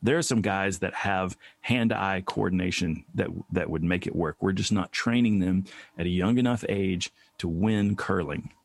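A man chatting casually and comedically, riffing on ideas with quick mock voices. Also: low voice, creaky, no room sound. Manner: joking, riffs into brief mock voices.

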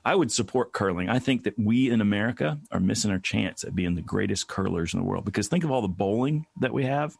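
A man chatting casually and comedically, riffing on ideas with quick mock voices. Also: fairly low pitch, expressive, gravelly, breathy edge, dry recording. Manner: joking, riffs into brief mock voices.

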